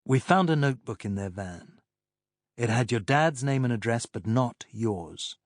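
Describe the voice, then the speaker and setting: A man voicing a steady policeman who speaks in a measured, slightly pompous way. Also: mid-range voice, dry recording, studio quality, close to an everyday voice. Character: calm steady country policeman.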